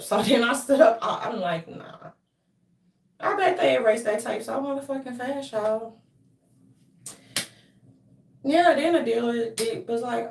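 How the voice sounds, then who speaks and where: A woman talks in a loose, profane rant, telling stories and acting out other people's lines between bursts of laughter. Her voice sits a bit high. She is recorded from some distance, and the sound bounces around an echoey room. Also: moderate pace, pauses often. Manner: profane, animated storytelling with laughs and mimicry. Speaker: commentary streamer. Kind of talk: casual rant.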